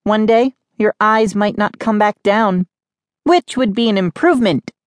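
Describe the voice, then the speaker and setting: Man doing a bossy prim girl, whiny, snapping, high voice, dry recording. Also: measured pace, no echo. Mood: scornful. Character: bossy fussy girl, prim older sister.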